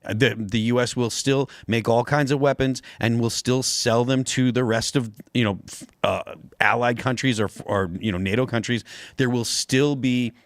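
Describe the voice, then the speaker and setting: A man's voice: medium pitch, steady tone, moderate pace, no echo, clean studio sound. Hesitant man co-hosting a talk show. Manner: hesitant, restarts often. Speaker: podcast co-host. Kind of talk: casual political chat.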